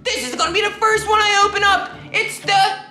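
A woman voicing an excitable young schoolboy who reviews toys, shouting, giggling and yelling karate cries. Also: extremely high pitch, fairly quick. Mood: excited. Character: hyper young schoolboy toy reviewer with brothers. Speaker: toy reviewer. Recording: roomy echo with music behind.

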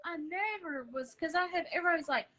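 Woman, high voice, defensive and repetitive, live video chat. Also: fast, bright, forceful tone. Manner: defensive, repetitive storytelling, cusses. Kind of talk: casual heated chat.

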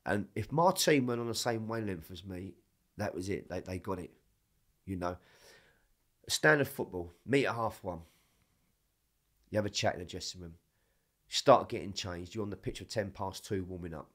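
A man with a low voice tells his stories with a lot of energy. He swears all the time and keeps the chat loose and casual. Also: normal speed, pauses often. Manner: swears constantly, animated storytelling. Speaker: podcast guest.

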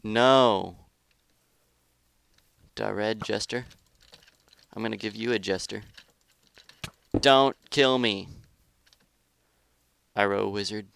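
Gaming youtuber guy, kinda low and gravelly, trash talking and griping about lag while he plays. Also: slow, pauses often. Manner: excitable, trash-talks opponents and grumbles about lag. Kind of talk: live gameplay commentary.

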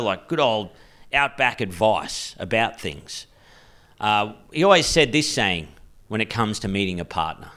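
An Australian man doing stand-up on a club stage, telling absurd stories in a deadpan way with hesitant fillers. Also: lowish voice. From rural New South Wales, Australia. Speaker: stand-up comedian. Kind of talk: stand-up comedy set. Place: comedy club stage with live audience. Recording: live club recording, noisy. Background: audience laughter.

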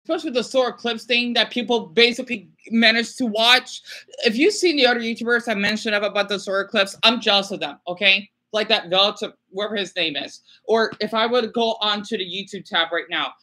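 A stressed man on a home live stream, his bright, forward voice catching as he stops and restarts. He keeps repeating himself and apologizing, talking into a webcam mic. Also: high voice. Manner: halting, repetitive, apologetic. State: stressed and distressed. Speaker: small YouTuber livestreaming. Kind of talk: emotional live stream talk.

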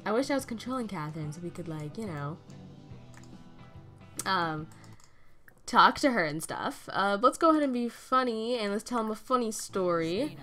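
A young woman talks her way through a life-simulation game in a loose, chatty manner, breaking into giggles often. Her voice swings widely between high, excited peaks and low, mumbled asides. The tone is relaxed and conversational, like thinking out loud. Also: normal speed, pauses often, soft background music. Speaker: gaming video host. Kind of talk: casual let's-play commentary.

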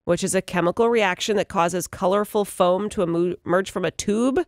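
A woman's voice: medium pitch, brisk, no room sound. A woman co-hosting morning radio, reading entertainment stories and laughing along with banter. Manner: bright, laughs often while reading stories. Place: radio studio. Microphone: studio mic.

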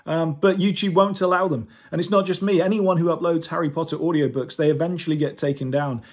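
A man's voice: a little high, fairly even intonation, brisk, breathy edge. A man who narrates audiobooks and teaches, talking casually and earnestly to his viewers in a rambling, self-deprecating rant.

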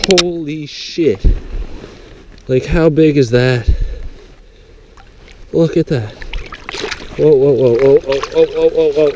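A young man excitedly narrating his fly fishing outdoors by a lake, swearing often and exclaiming over his catch. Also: fairly high pitch, noisy background. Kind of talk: excited outdoor vlog commentary.

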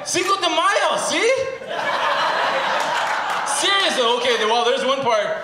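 High-voiced man doing stand-up. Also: expressive, takes it slowly. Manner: chatty, laughing through punchlines. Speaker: stand-up comic. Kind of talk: stand-up comedy set. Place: theater stage. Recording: echoey theater, loud background noise.

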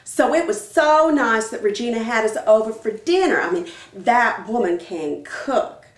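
An actress playing a gossipy wife with a Southern accent, chatting about the neighbors. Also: female voice, a little high, animated, a little slow, reverberant.

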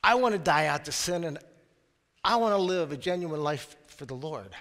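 A man's voice: on the high side, animated, normal speed, a bit bright. A man preaching a sermon in a conversational way, with asides to the congregation. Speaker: pastor. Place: church sanctuary. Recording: long church reverb.

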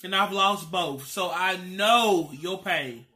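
High, bright-voiced man chatting over a meal. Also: slow pace. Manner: emotional, animated storytelling. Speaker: mukbang vlogger. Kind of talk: casual chat over a meal.

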